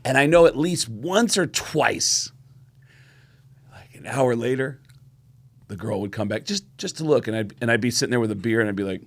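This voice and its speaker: A middle-aged podcast co-host tells stories in a casual chat, animatedly acting out the voices of the people in them. His voice is medium-pitched at a normal speed, with long pauses.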